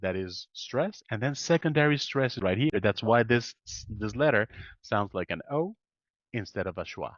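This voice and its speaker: Man coaching pronunciation, animated intonation, dry close sound, dull lo-fi call audio. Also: on the low side, normal speed, no room sound. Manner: patient, corrective, drills sounds aloud. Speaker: English pronunciation teacher. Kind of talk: one-on-one pronunciation lesson.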